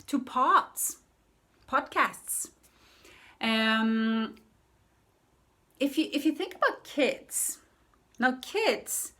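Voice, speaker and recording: A woman's voice: high-pitched, fairly bright tone. A woman language coach giving friendly casual tips in a vlog lesson, repeating words and laughing lightly.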